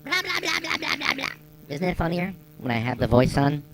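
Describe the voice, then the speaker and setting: Man using a voice changer for a goofy high voice. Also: huge pitch swings, a little fast, heavy background noise, full character voice. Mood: playful. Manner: playful, jokey, self-amused. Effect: voice-changer pitch shift. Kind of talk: casual live-stream banter. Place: home.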